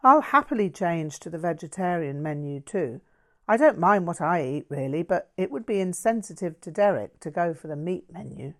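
A woman's voice: fairly low pitch, expressive, moderate pace. A woman reading as a frank young woman who speaks plainly and firmly. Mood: mild.

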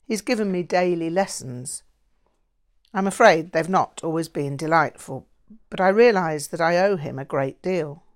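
A woman reading the lines of a calm, patient young man in an audiobook, speaking in a reasoned, gently firm way. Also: deep voice, normal speed, close to an everyday voice.

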